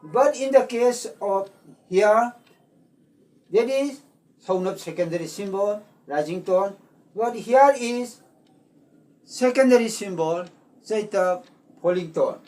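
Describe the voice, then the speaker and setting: A language teacher from Manipur, explaining spelling slowly and deliberately, repeating words. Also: mid-range voice, a little mellow, recorded from a distance. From Manipur, India. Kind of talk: slow explanatory lesson.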